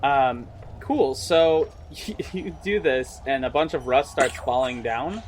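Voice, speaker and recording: A young man narrating as game master, with a loose, chatty delivery full of fillers and small asides. His voice sits at an ordinary middle pitch. A soft hiss of noise runs under the recording. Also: slow. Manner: casual, chatty, frequent laughs and fillers.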